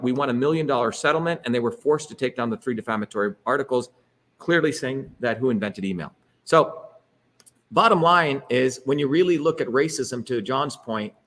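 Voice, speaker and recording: A middle-aged man leads a political talk with slides, speaking emphatically and rhetorically and regularly checking in with "okay?" and "right?". His voice is mid-range and a bit bright.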